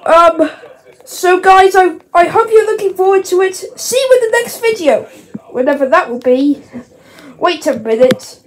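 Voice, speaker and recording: A woman hosting a casual toy reaction video, chatting excitedly and talking to her toys. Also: extremely high pitch, a little slow, rough recording. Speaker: toy-play channel host. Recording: loud background hiss and clicks.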